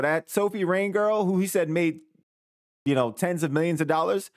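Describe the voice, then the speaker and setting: A man's voice: medium pitch, dry recording, clean studio sound. A man in his thirties hosting a live reaction stream, thinking aloud in a casual, conversational way. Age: 30s.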